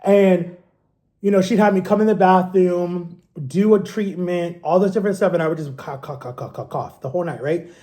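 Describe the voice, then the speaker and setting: A man in his thirties tells a story casually. His voice sits high but has a mellow, dark tone. He keeps it animated and jumps up in pitch to act out what people said. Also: moderate pace. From Ohio, USA. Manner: animated, acts out quotes in a higher voice. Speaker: vlogger.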